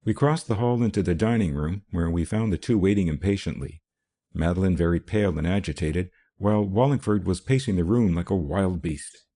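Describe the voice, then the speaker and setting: Low, husky male audiobook narrator. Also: brisk, warm tone. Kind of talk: first-person scripted narration.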